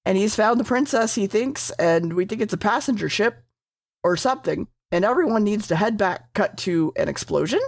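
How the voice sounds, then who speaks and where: A woman's voice: mid-range voice, animated, moderate pace, no echo, studio quality. Rambling, swearing woman recapping. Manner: rambling, swearing, self-correcting. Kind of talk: casual episode recap.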